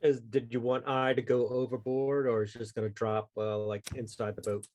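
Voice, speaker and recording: A man's voice: mid-range voice, little pitch movement, normal speed, a little mellow. A man running a tabletop game as game master, talking in a loose, rambling way with many fillers and chuckles.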